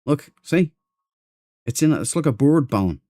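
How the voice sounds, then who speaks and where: A man's voice: fairly high pitch, sing-song, measured pace, warm tone, dry recording, studio quality. Chatty man streaming a game. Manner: chatty, self-mocking, greets chat by name. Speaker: gaming livestream host. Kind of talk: casual live stream chat.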